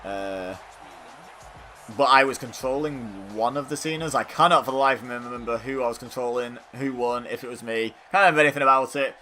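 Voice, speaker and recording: Faint music plays behind a man speaking fairly quickly in a sharp, mid-range voice. A gaming YouTuber, he casually commentates a wrestling game, chatting and rambling with fillers while making fun of himself.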